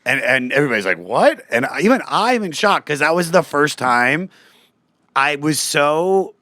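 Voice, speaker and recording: A man's voice: fairly high pitch, moderate pace, no room sound, clean studio sound. A man, a comedian, chatting on a podcast and acting out quoted lines in a raised voice. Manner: animated storytelling, acts out quotes in a raised voice. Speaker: guest comedian. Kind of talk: casual podcast chat.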